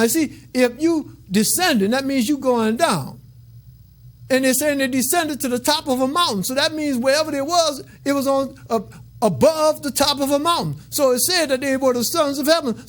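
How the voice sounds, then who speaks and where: A man teaching from scripture in a sermon, reading aloud and breaking off for casual, colloquial asides and frequent check-ins. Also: extremely high pitch. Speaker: Bible teacher.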